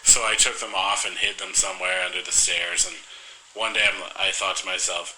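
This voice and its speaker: Young male co-host, casual and joking; lowish voice with a very bright tone. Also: level tone, fairly quick, slight background noise, rough recording. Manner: joking, rambling storyteller. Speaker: podcast co-host. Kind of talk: casual chat.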